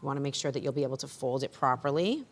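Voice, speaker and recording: A woman's voice: very deep voice, expressive, racing, a crowd in the background. A woman hosting a cooking show, explaining a recipe step by step in an encouraging way. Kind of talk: cooking demonstration.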